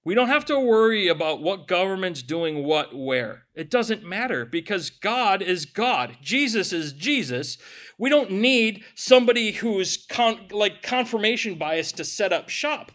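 A man's voice: high-pitched, animated, measured pace, fairly bright tone. A man preaching a sermon as pastor, conversational and joking, with sarcastic asides.

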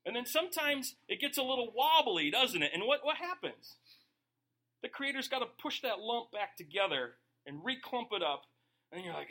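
A man preaching a sermon, animated, with many rhetorical questions and quick acted-out asides. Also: high voice. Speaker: pastor.

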